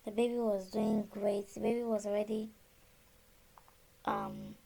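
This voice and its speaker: Sharing her birth experience in a relaxed way, a woman from Nigeria, likely in her thirties, animatedly reenacts the exchanges she had, quoting the dialogue. She has a gravelly, medium-pitched voice and an unhurried pace, with a slight hiss or hum in the audio.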